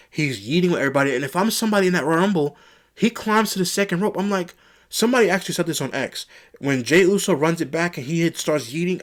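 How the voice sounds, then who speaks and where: Young male reviewer, solo rant, exasperated and rambling. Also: on the high side. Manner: exasperated, rambling, repeats himself. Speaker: wrestling show reviewer.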